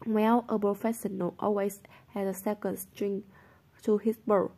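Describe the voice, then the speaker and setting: A woman's voice: medium pitch, little pitch movement, a little slow, dark tone. A woman reading the lines of a cheerful, shrewd schoolboy in an airy, matter-of-fact way. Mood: breezy.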